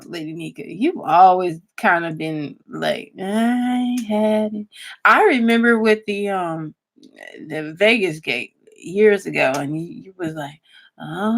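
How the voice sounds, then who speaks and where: A woman vlogger, chatting casually and laughing often as she gossips and swears. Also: lowish voice. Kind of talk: casual chat commentary.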